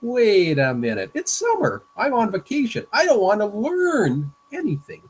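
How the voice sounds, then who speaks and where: A man voicing an excitable, curious young cartoon boy who fires off eager questions. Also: high-pitched, voice pushed up, heavily acted, rough recording. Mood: excited. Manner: eager, rapid-fire questions.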